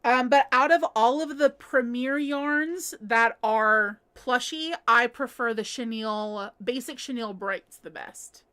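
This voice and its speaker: Host: woman from the US, high voice, chatty, laughs a lot while reading live chat at home. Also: a little slow, few pauses, fairly bright tone. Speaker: livestream host.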